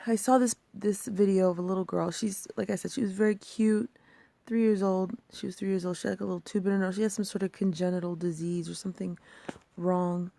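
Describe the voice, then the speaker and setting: A woman in her thirties vlogging personal reflections, emotional and halting, sometimes dropping to a near-whisper. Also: medium pitch, fairly even intonation, creaky, warm tone, dry recording.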